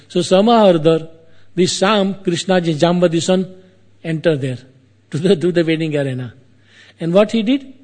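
A man retelling an epic tale in a casual storytelling style, his phrasing loose and halting, with repeats and asides to the listener. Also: on the high side, darkish tone.

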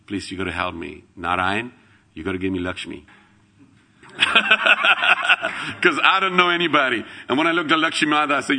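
A man giving a devotional talk to a congregation, telling anecdotes and acting out the people he quotes. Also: low voice. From England. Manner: lively storytelling, acts out quoted voices, rises to loud chanting. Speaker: temple speaker.

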